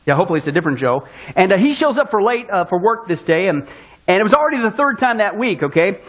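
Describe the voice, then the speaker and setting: A man's voice: high-pitched, very animated, fast. A man preaching a sermon in a folksy, conversational manner, often checking in with the audience. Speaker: pastor.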